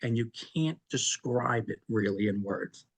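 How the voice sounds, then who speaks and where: A middle-aged man speaks in an everyday mid-range voice, recounting his experience as an interview guest. He is animated and laughs easily. His words often stumble, restart and double back as he goes. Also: medium pitch, unhurried. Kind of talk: conversational storytelling.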